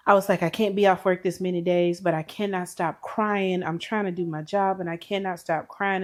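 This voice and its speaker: Lowish woman voice, earnest emotional storytelling on a chat podcast. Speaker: podcast co-host. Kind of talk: heartfelt casual chat.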